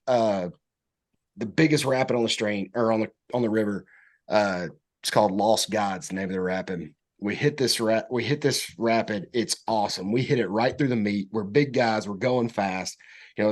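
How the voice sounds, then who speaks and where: A young man, a podcast guest telling a story in casual chat, animated and acting out quotes. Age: young adult. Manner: animated storyteller, acts out quotes in high voices.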